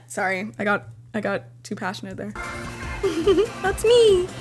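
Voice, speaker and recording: A young woman giving casual director's commentary on her own video, gushing and excitable, swearing often and jumping up into squealing highs when she gets passionate. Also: unhurried, slightly rough, soft background music.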